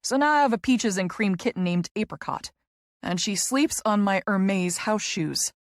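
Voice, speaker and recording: A woman's voice: mid-range voice, moderate pace, no room sound, clean studio sound. Intimate female romance audiobook narrator. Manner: intimate, emotional first-person storytelling.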